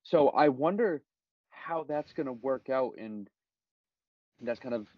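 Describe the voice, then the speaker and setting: A man co-hosting a casual sports podcast, musing aloud in a halting way. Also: medium pitch, lively intonation, dry recording. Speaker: podcast co-host. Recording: dull dry lo-fi audio.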